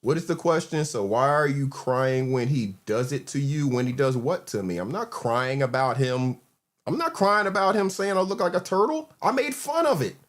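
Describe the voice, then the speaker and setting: A man's voice: mid-range voice, animated, normal speed. A man in casual panel chat, arguing and repeating his questions.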